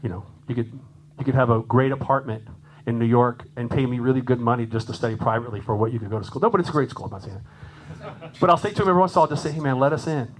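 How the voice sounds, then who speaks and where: A man giving a lively, chatty clinic talk to a conference audience as a jazz drummer, laughing often and acting out quoted voices. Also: medium pitch, very fast, poor audio.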